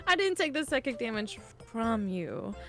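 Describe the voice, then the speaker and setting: A woman from Canada chatting casually on a livestream, giggly and animated, swearing freely. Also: a little high, moderate pace, soft background music. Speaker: streamer. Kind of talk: casual chat.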